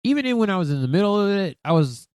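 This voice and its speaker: A man in his thirties hosts a solo podcast, swearing freely and piling on emphasis as he talks things through with himself. His pitch swings widely from low mutters to high exclamations. The sound is close and dry, with no room around it. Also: very animated, rapid-fire, a little mellow, clean tone, no room sound. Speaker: podcast host.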